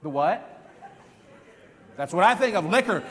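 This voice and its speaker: A man in his fifties giving an energetic live stage demonstration as a memory trainer, quizzing the audience with repeated questions. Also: high voice, a little fast, long pauses. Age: 50s. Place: large event hall. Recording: long hall reverb.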